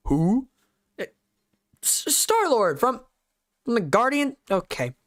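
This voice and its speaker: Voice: mid-range voice, sing-song, slow, pauses often, a bit bright, no room sound. A streamer with a light Southern US accent, from the South, giving rambling, self-deprecating live-stream commentary to chat.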